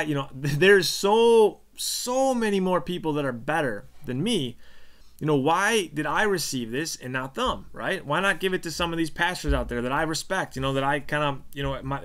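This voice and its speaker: Earnest rambling man, higher-pitched voice. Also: fairly bright tone. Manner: earnest, rambling, many fillers and self-questions. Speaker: video blogger on faith. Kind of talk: casual personal monologue.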